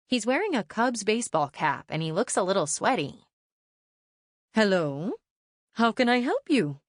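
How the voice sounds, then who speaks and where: A woman reading a children's audiobook aloud in first person, lively and expressive storytelling. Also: mid-range voice, dry recording, clean studio sound. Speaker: audiobook narrator.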